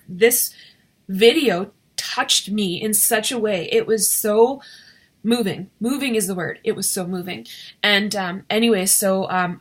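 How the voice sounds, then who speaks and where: A woman's voice: mid-range voice, a bit bright. A woman talking casually to camera in a vlog, emotional and shaky, rambling with many fillers and restarts. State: shaky and teary. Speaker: direct sales consultant vlogger.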